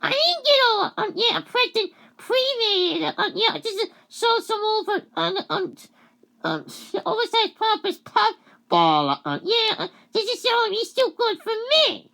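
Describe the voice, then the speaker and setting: Shrill sobbing cartoon woman put on by a vlogger, far above the vlogger's own pitch, halting rant. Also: big pitch swings, vocal fry, clean tone. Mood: tearful outrage. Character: angry weepy female cartoon character ranting.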